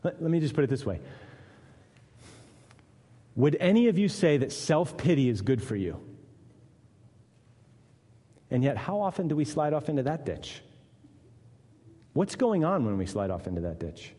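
A man preaching a sermon, earnest, dropping low and quiet for weight and rising to voice the people in his text. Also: sing-song, normal speed, long pauses, husky. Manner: earnest, dips low and quiet for weight, lifts up to voice Jesus and Peter. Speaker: pastor. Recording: long reverb of a church hall.

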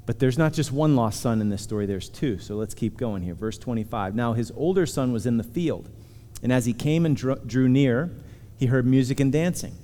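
A man preaching a sermon, earnest and emphatic, slowing down to stress key words. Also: mid-range voice, lively intonation, warm tone. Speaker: pastor. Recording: long hall reverb.

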